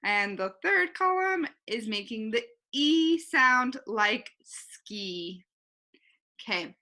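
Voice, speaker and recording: A woman teacher giving a recorded online phonics lesson, talking slowly and clearly and saying each word twice. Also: a little high, sing-song, sharp tone.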